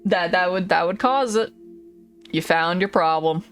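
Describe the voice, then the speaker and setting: A woman's voice: lowish voice, measured pace. A woman streaming a game, chatting casually with viewers, laughing often and swearing freely. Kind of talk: casual live-stream chat. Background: faint background music.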